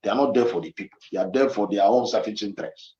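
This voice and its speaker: A man's voice: lowish voice, fast, dark tone. A man from Edo State with a Nigerian accent, giving emphatic, repetitive political commentary as a guest. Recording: echoey, dull lo-fi sound.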